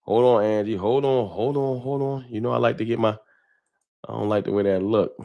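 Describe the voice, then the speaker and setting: A man's voice: lowish voice, fairly even intonation, brisk, gravelly, muffled recording. A man hosting a casual live stream from a room at home, greeting viewers by name in loose slang. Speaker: livestream host. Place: home room with a wall sign. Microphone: desk microphone.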